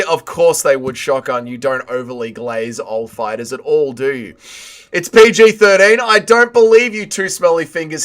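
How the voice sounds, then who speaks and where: Bright-voiced streamer chatting with viewers. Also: male voice, on the high side. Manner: chummy, banters with viewers, swears freely. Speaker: livestream host. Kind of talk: casual chat, reading viewer chat aloud.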